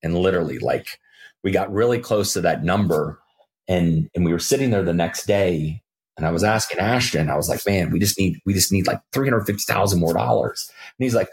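A middle-aged man, a podcast guest, telling a story in casual talk and acting out the quoted lines with jumps in pitch. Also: fairly quick. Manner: animated, acts out quoted dialogue with jumps in pitch.

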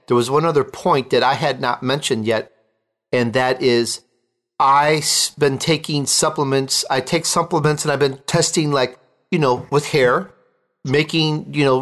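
A male host interviewing a guest in an enthusiastic, joking, excitable way. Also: a little high. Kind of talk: interview, casual chat.

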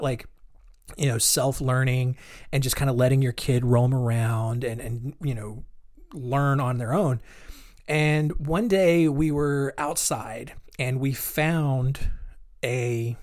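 A man's voice: mid-range voice, a little mellow. A man hosting a true-crime podcast, telling the story in a casual, joking way with lots of fillers. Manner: chatty, joking, laughs at grim details, many fillers. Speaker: podcast host.

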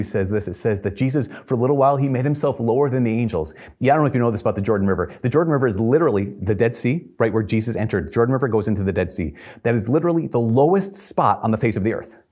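A man's voice: mid-range voice, a little mellow. A man preaching a sermon in an earnest, conversational way, chuckling now and then.

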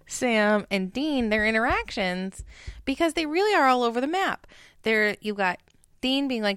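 A woman co-hosting a casual TV recap podcast, opinionated and animated, acting out characters' lines in paraphrase. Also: on the high side, normal speed, clear, resonant tone, dry recording, studio quality. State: tipsy from drinking. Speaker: podcast co-host.

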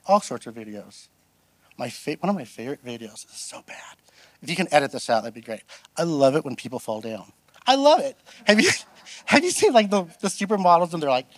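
Animated storytelling pastor, man. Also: on the high side, dry recording. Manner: animated, self-deprecating, acts out quoted voices. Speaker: guest pastor. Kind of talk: storytelling sermon.

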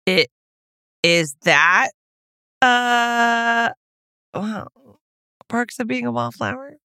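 A woman's voice: on the high side, very slow, vocal fry, sharp tone, clear, resonant tone, no room sound, clean studio sound. A woman co-hosting a casual podcast chat, playful and wry, poking fun at herself as she guesses movie quotes. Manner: playful, wry, self-mocking. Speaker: podcast co-host.

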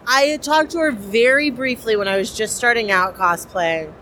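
A woman's voice: fairly high pitch, normal speed, pushed and bright, a little hiss or hum. A young woman cosplayer, chatty and enthusiastic with many fillers, interviewed at a convention. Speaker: cosplayer guest.

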